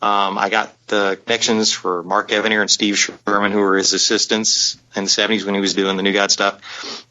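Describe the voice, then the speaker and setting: A man's voice: on the low side, sharp tone. A man telling a long story as a podcast guest, rambling with many fillers and restarts. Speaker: guest, publisher. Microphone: on the phone line. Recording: dull lo-fi sound.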